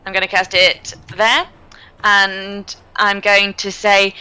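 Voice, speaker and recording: A woman takes her turn as a player in a tabletop game, working through her plans a little hesitantly. Her voice is bright and crisp, with a smooth, clean tone. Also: medium pitch, flat delivery, takes it slowly, rough recording. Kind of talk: casual tabletop play.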